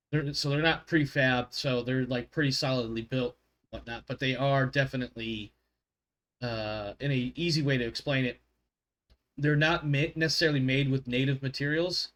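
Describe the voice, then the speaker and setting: A man's voice: medium pitch, normal speed, a bit bright. A man narrating as game master of a tabletop game, rambling with fillers and self-corrections.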